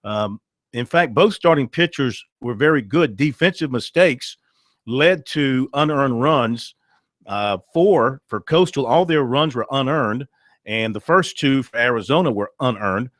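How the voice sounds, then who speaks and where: A man hosting a sports talk radio show, chatting his way through game recaps with frequent pauses. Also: mid-range voice, lively intonation, fairly bright tone, no room sound, studio quality.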